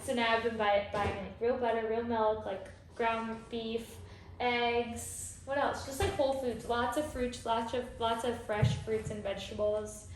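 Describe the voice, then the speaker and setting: A woman's voice: fairly high pitch, flat delivery, measured pace, far from the mic. Chatty young woman, off-mic and echoey. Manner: upbeat, prodding interviewer, chatty. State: tired, yawning. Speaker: host. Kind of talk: casual chat. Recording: echoey room, off-mic, faint noise.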